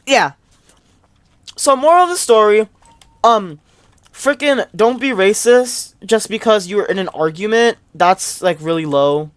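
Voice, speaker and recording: A woman telling a gaming storytime as a casual, rambling rant, exasperated and often trailing off quietly. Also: medium pitch, dry recording.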